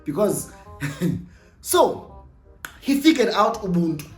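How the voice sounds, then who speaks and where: A young South African woman with a Xhosa-flavoured accent, casually telling an animated story and switching between English and Xhosa. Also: medium pitch, slow pace, echoey room, faint music behind. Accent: South African, mixing in Xhosa. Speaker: storytime vlogger.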